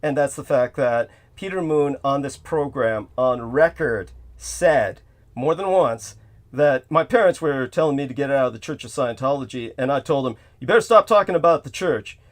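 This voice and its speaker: A man's voice: medium pitch, moderate pace. A man hosting an online talk show, emphatic and repetitive, often addressing a listener by name. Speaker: host. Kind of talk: casual call-in chat.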